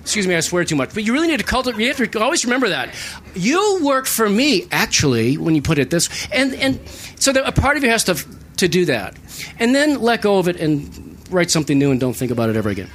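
A man on a writers' panel, animated and swearing freely as he tells stories. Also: high-pitched, fast. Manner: animated, profane, storytelling. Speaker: author on a panel. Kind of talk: panel discussion.

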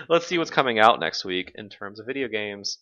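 A man's voice: on the low side, expressive, moderate pace, pushed and bright, highs cut off. A man hosting a casual games podcast, talking loosely, swearing and laughing often. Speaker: podcast host. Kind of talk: casual chat.

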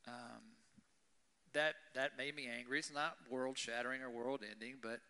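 Speaking at normal speed with fairly even intonation, a male pastor with a medium-pitched, bright, forceful voice addresses his congregation during a church service. His sermon stays conversational, and he repeatedly asks the audience "right?"

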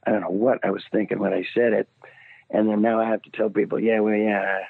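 A man, a singer being interviewed, telling an animated story and laughing at himself. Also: on the low side, fast talker, creaky, no echo. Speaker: guest singer. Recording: tinny phone line.

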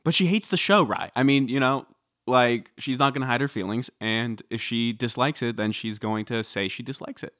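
A man co-hosting a podcast, giving measured, wry explanations in casual celebrity gossip chat. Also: medium pitch, fairly bright tone, no echo, studio quality. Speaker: podcast co-host.

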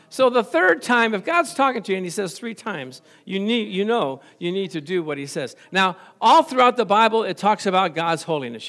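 A middle-aged male pastor preaching a sermon to his congregation, telling stories and joking with them. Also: sits high. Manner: storytelling, animated, jokes with congregation. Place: church before a congregation.

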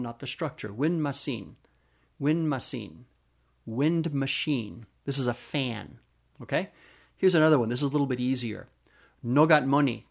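Man, gravelly voice, mid-pitched, podcast host, explaining word origins, enthusiastic, spells words out.

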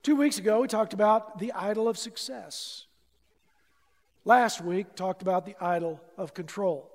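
A man preaching a sermon, telling a lively personal story and acting out the dialogue, sometimes shouting at the dramatic moments. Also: high-pitched, a little slow, big-room sound. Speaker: pastor.

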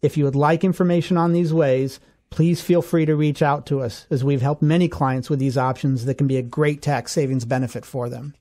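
A man co-hosting a radio finance show, explaining rules step by step in a steady, clear way. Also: on the high side, fairly quick. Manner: steady explanatory, walks through examples step by step. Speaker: financial advisor co-host.

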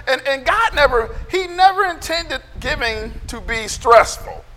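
A man preaching a sermon, loud and emphatic, almost yelling, and calling for amens from the congregation. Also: very high voice, lively intonation, normal speed, hardly any pauses, in a large hall. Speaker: pastor.

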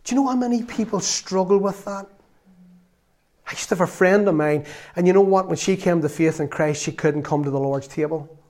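A man giving an earnest, storytelling sermon that rises into loud exclamations. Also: sits high, a little fast. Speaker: lay preacher.

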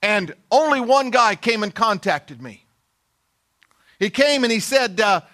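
Here a pastor in middle age relates a personal story as part of his sermon, speaking in a high, bright voice. Folksy and self-deprecating, he voices the people he quotes.

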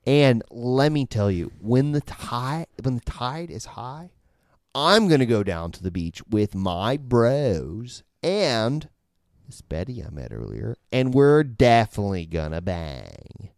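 A man's voice: medium pitch, creaky, no room sound, clean studio sound, exaggerated voice. A man doing a drawling California stoner dude. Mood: laid-back. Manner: slow, drawling, relaxed slang. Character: laid-back male California stoner surfer dude.

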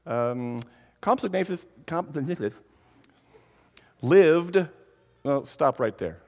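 A man with a slightly high voice gives a lively, playful talk, speaking straight to the children in the crowd. His voice carries a long reverb from a large hall. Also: measured pace. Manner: animated, playful, addresses kids directly. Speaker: creationist speaker. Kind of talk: lively conference talk to families.

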